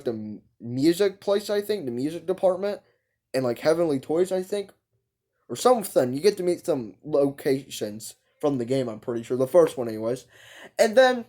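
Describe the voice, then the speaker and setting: A young man with a slightly high voice talks through a book review off the cuff. He rambles, hesitates and keeps correcting himself as he goes. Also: warm tone. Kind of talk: casual unscripted book review.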